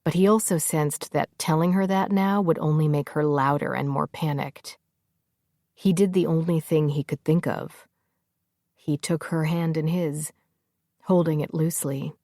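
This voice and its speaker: Low, gravelly woman narrator. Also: no room sound, clean studio sound. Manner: measured, even storytelling. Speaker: audiobook narrator. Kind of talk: scripted fiction narration.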